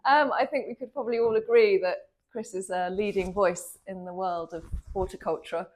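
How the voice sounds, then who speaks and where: A woman host giving a measured, formal vote of thanks to a speaker. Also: mid-range voice. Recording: distant voice with loud background noise.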